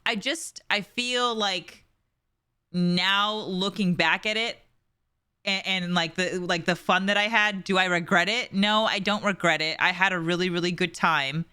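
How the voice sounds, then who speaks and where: A woman's voice: fairly low pitch, a little slow, pushed and bright, clear, resonant tone. A young woman co-hosting a podcast, candid and reflective, asking pointed questions. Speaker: podcast co-host. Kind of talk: casual chat.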